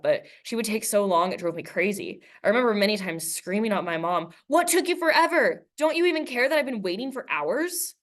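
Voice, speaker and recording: A woman teacher giving a recorded class lesson, chatting with students and reading a book aloud, acting out the quoted dialogue. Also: lowish voice. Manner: conversational, acts out quoted dialogue while reading.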